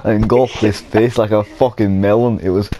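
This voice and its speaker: A man's voice: fairly low pitch, steady tone, normal speed, mellow, slight background noise, low-quality recording. A man hosting a podcast, laughing and swearing through rambling, crude banter. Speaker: podcast host.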